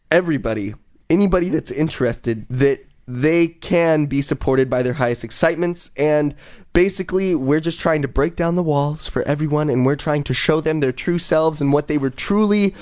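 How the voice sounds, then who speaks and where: A man's voice: a little high, moderate pace, darkish tone. A man hosting a casual podcast chat, talking in an eager, motivational way with plenty of fillers. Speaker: podcast host. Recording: dull lo-fi recording.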